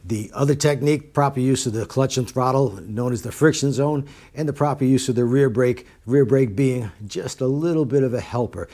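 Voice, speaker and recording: Middle-aged male riding instructor, casual and direct, leans on repetition, dark relaxed tone. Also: mid-range voice, brisk, few pauses. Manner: plain-spoken, repeats points for emphasis. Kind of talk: casual talk to camera.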